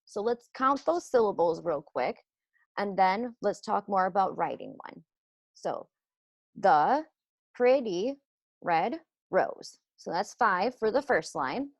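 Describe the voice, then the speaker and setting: A woman teacher giving a slow, patient lesson to children, explaining step by step. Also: mid-range voice, animated, vocal fry, no echo.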